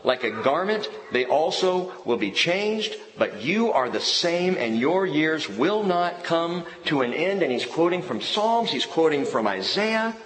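Lively male pastor in an echoey hall. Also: on the high side, a little slow, few pauses. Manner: lively preaching with jokes and personal stories. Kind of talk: sermon.

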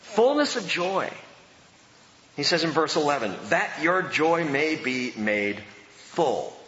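A man's voice: fairly high pitch, big pitch swings, slow, fairly bright tone, a little hiss or hum. A male pastor preaching a sermon in a church, conversational and emphatic, with casual asides to the congregation. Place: church sanctuary. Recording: echoey hall, dull lo-fi sound.

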